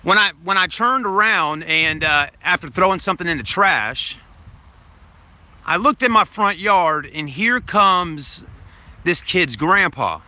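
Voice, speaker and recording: A man's voice: high-pitched, expressive, a little slow, pushed and bright. A man telling a story to his live stream viewers in a casual, rambling way, repeating himself, swearing now and then, and addressing them as folks.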